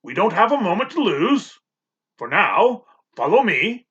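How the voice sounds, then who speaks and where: A man doing a brisk, hearty doctor. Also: high voice, big pitch swings, bright, forceful tone, muffled recording, pitched above the performer's own voice, exaggerated voice. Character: brisk eager male doctor and scientist. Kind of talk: audiobook character voice.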